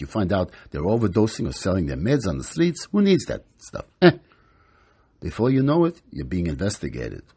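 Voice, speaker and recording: Man playing a husky, kvetching old psychiatrist. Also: fairly low pitch, darkish tone, full character voice. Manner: kvetching, exasperated rant with Yiddish words. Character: exasperated older male psychiatrist, grumbling grandfather. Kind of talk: comic stage monologue.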